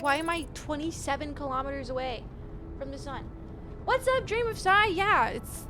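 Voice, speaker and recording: A young woman with a high, light voice talks casually as she streams, reading chat aloud and laughing easily. She gets flustered and quick when things go wrong. Game music plays clearly behind her. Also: fairly bright tone. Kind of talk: casual live-stream chat while gaming.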